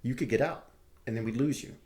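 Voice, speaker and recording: A man from Texas, a guest on an interview show, telling his army stories in a lively, chatty way. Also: mid-range voice, fast. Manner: lively storyteller who acts out his quotes. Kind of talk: casual storytelling interview.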